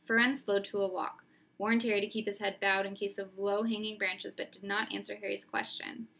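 A woman narrating a storybook aloud in a steady, expressive way. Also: mid-range voice, brisk, vocal fry. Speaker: reader.

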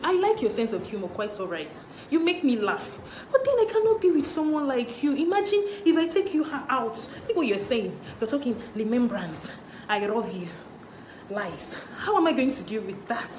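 Exasperated young woman, lively pitch. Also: moderate pace. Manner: dismissive, exasperated. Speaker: comedy skit actress. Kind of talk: comedy skit. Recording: echoey room with faint hiss.

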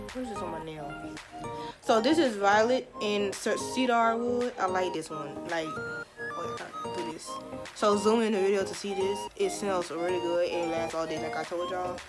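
A young woman chatting casually in a product review vlog. She talks stiffly with little mouth movement and sounds a bit flat. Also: medium pitch. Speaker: beauty vlogger.

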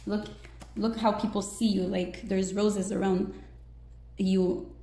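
A woman giving a casual tarot reading, chatty and excitable, peppering her talk with "like" and "right?". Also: medium pitch, slow pace. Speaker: tarot reader. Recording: very echoey room.

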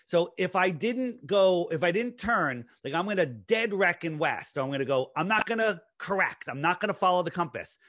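A man's voice: sits high, expressive, moderate pace, hardly any pauses, a bit bright. A man talking casually as a podcast guest, explaining his ideas at length in a lecturing way, with many restarts.

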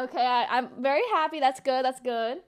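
A young woman streamer chatting casually, excitable and giggly, swearing freely and bursting into squeals. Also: high-pitched, fairly quick, loud music behind the voice. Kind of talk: casual livestream chat, reacting to an old clip.

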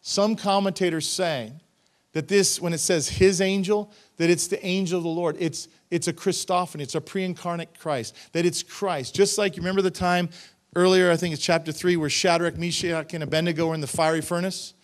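A man's voice: sits high, fairly even intonation, a little fast. A middle-aged man, a pastor, preaching a sermon, reading scripture and adding emphatic, conversational asides to the congregation. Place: church sanctuary.

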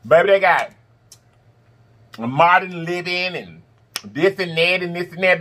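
A man's voice: high voice, measured pace, pauses often, a bit bright. A middle-aged man, talking casually to the camera while he eats and fondly calling his viewers "baby" and "y'all". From Southern United States. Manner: affectionate, preachy, calls viewers "baby" and "y'all". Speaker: mukbang vlogger.

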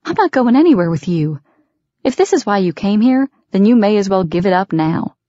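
A woman's voice: mid-range voice, sing-song, fairly quick, warm tone, no room sound. A woman reading as a frightened but defiant young woman in an audiobook, snapping back at her threatening father. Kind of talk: audiobook character voice. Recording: dry, dull lo-fi recording.

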